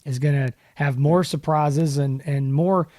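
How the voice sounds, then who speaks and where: A man's voice: a little high, steady tone, a little slow, warm tone, no room sound, studio quality. A man co-hosting a podcast in casual chat, telling stories animatedly and laughing often. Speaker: podcast co-host.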